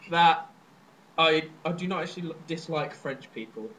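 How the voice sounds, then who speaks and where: A young man from southern England co-hosting a casual chat show, excitable and jokey with sudden loud laughing shouts. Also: fairly high pitch, normal speed, slight background noise, low-quality recording. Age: young adult. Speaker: podcast co-host.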